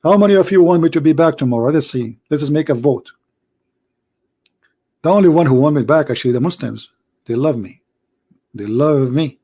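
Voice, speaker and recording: A hoarse man hosting a livestream on religion, speaking emphatically in broken English and firing off rhetorical questions. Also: fairly high pitch, brisk, pauses often, mellow. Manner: emphatic, rhetorical questions, non-native grammar. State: hoarse, voice nearly gone. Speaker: livestream debate host. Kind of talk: live-streamed religious polemic.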